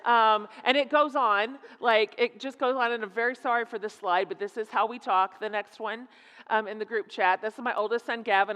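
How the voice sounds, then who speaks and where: A middle-aged woman speaking as a guest speaker in a church, telling a humorous story in an animated, laughing, self-mocking way. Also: on the high side, moderate pace, clean tone. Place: church sanctuary. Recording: echoey hall.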